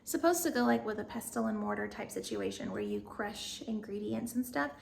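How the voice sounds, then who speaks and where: A woman's voice: mid-range voice, wildly swooping pitch, fairly quick, vocal fry, slight background noise. A young woman with a Southern US accent, chatting casually and bubbly in a home decor vlog, laughing often.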